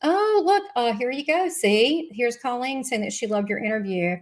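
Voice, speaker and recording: A woman's voice: on the high side, lively intonation, moderate pace. A woman with a Southern US accent hosting a live spiritual show, chatting in a gushing, rambling way with many asides. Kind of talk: casual live-stream chat.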